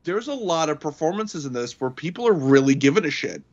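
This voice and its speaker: A man's voice: on the high side, very animated, a little fast, a little mellow. A man co-hosting a casual podcast chat about a movie, rambling through scenes with lots of fillers. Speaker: podcast co-host. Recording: dull lo-fi audio.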